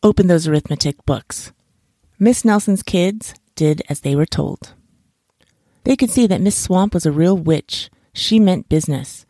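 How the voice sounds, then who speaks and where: A woman reading a children's bedtime story aloud for her podcast in a calm, even way. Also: fairly low pitch, measured pace, no echo, clean studio sound.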